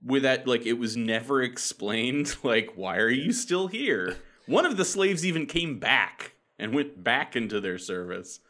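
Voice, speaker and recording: A man's voice: medium pitch, expressive, a little slow, hardly any pauses, a bit bright. A man from South Carolina co-hosting a casual podcast, wry and hesitant, often correcting himself. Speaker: podcast co-host.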